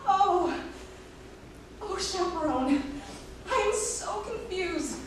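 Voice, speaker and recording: Brief: actress as a high, lively showgirl bride, flustered and dramatic, distant echoey stage recording. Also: extremely slow, a little hiss or hum, full character voice. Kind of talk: stage musical acting. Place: theater stage.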